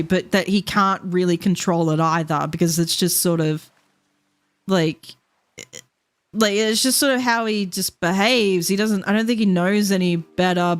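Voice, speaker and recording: A woman's voice: fairly low pitch, steady tone, moderate pace. A woman, telling rambling stories in a casual chat with her viewers, swearing freely and laughing often. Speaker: VTuber streamer.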